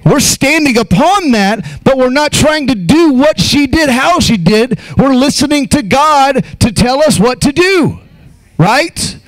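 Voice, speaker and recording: A man preaching an Easter sermon as pastor, emphatic, with acted asides and sudden shouts. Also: very high voice, animated, a little slow.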